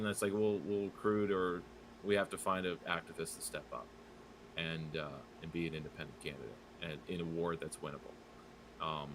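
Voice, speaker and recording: Low bright-voiced man, hesitant chat. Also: slight background noise, rough recording. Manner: hesitant, many fillers and restarts. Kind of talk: casual political podcast chat.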